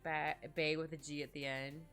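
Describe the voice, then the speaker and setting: A woman's voice: low voice, little pitch movement, normal speed, a bit bright. A woman casually chatting while she draws on a stream, rambling and giggly as she reads and answers her chat. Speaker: art streamer. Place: home streaming setup. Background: faint background music.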